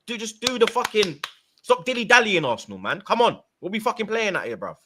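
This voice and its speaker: A man's voice: high voice, sing-song, brisk, noisy background. A man talking football on a podcast, emphatic, full of slang and swearing. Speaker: podcast guest pundit. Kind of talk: casual football chat.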